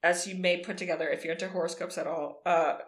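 A woman's voice: fairly low pitch, steady tone, quick pace, roomy sound. A woman podcast co-host in casual chat, emotional and teary, laughing through sobs.

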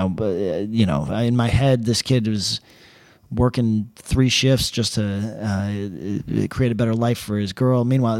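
A man with a lowish, darkish voice, a travel vlogger, rants his way through a travel tale in his hotel room, sarcastic, swearing, and rambling casually. There's no echo, though the recording quality is poor.

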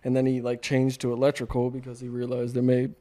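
A man's voice: mid-range voice, monotone, warm tone. A man, chatting casually and profanely on a podcast, telling stories about coworkers. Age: 20s. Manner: profane, storytelling, quick to mimic coworkers. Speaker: podcast co-host. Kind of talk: casual chat.

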